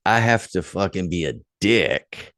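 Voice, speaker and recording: A man's voice: low-pitched, unhurried, no room sound, studio quality. A man hosting a podcast, casually telling a story with lots of swearing, getting heated as he recalls old anger. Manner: profane, animated when retelling anger. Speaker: podcast host.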